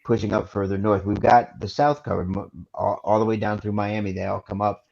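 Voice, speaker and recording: A man's voice: fairly low pitch, fairly even intonation, brisk, vocal fry, darkish tone. A man co-hosting a casual podcast, talking in a laid-back way with many fillers and restarts. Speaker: co-host. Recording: dull lo-fi sound.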